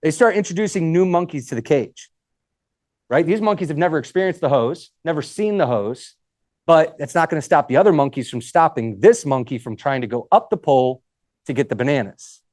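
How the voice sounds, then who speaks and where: A man's voice: fairly high pitch, expressive, brisk, darkish tone, no echo, clean studio sound. A man speaking at a live event, giving a casual motivational talk, joking with the crowd and swearing now and then.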